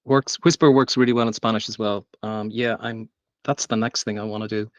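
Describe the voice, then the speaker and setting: A man's voice: fairly low pitch, steady tone, a little fast, no room sound. A man giving a live tech demo at a meetup, talking casually with frequent fillers and restarts. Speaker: meetup presenter. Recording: dry, dull lo-fi sound.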